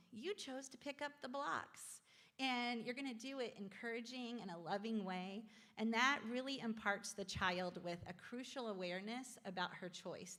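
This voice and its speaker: A woman's voice: mid-range voice, fairly bright tone. A woman presenting a parenting class from slides, chatty and encouraging, quizzing the audience.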